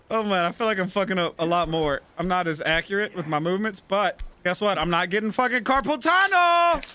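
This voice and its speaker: A man giving gaming commentary, talking himself through moves and yelling and swearing at the game. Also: sits high, animated, a little fast, hardly any pauses, slight background noise. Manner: swears a lot and yells at the game. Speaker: let's play gamer.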